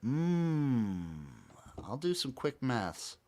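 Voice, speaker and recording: A man co-hosting a casual sports betting podcast who is excitable and swears freely. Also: medium pitch, extremely slow. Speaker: co-host.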